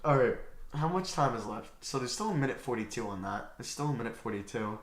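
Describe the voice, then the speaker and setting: A young man hosting a live draft reaction stream, excitable and talking back to his chat, swinging from near-shouts to mutters. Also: mid-range voice, brisk. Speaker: livestream host. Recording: roomy echo.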